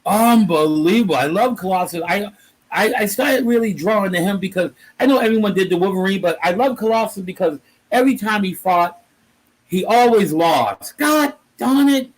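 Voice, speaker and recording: A man with a high, lively voice talks about comics in a relaxed interview. He tells his stories with energy, breaking into exclamations and acting out other people's lines. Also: normal speed, low-quality recording. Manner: animated storyteller, exclaims and acts out quotes. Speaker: comic creator guest. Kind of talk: casual conversation.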